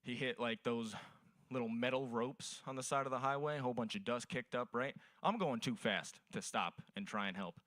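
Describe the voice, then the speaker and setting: A man's voice: medium pitch, normal speed, a bit bright, dry recording. Young man, stand-up comedian, crude profane storytelling, dry close sound. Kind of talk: stand-up set at open mic.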